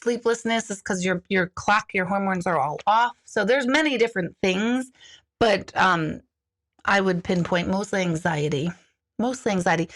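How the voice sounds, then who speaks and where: Blunt, chatty middle-aged woman. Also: a bit bright. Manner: chatty and blunt, jumps into high panicky voices for quoted thoughts. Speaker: intuitive coach answering viewer questions. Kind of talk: casual live talk.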